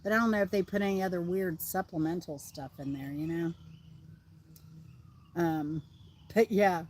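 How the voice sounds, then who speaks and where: A woman's voice: on the low side, moderate pace, slight background noise. A middle-aged woman with a Southern American accent, chatting casually and rambling on a livestream while outdoors. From Southern United States. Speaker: livestream host.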